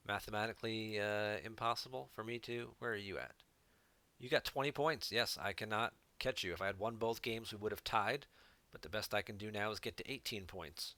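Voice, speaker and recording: A man with a deep voice that still cuts through sharp and forceful. He chats casually with viewers in his stream chat as he plays. The sound is dry, with no room around it. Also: no room sound. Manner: chatty, talks to viewers in chat. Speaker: card game streamer. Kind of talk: casual gameplay commentary.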